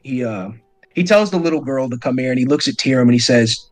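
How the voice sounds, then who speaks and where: A man running a tabletop game as game master, narrating the scene at an ordinary, middling pitch. He stumbles and restarts his phrases often. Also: fast, faint music behind.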